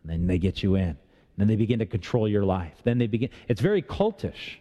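Male pastor, mellow tone, conversational sermon with asides and questions, big echoing church hall. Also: fairly low pitch, big pitch swings, fast talker. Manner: conversational preaching with rhetorical questions and humor. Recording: long reverb of a large hall.

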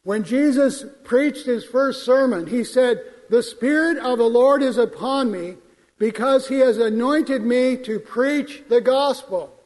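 A man preaching a sermon in a church, quoting scripture in a measured, emphatic way. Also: very high voice, darkish tone. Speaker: pastor. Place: church sanctuary. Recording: long hall reverb.

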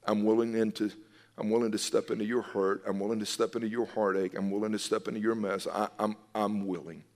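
A man's voice: fairly low pitch, flat delivery, a little fast, darkish tone, in a large hall. A man, a pastor, preaching a sermon in an earnest, emphatic way, repeating his key phrases.

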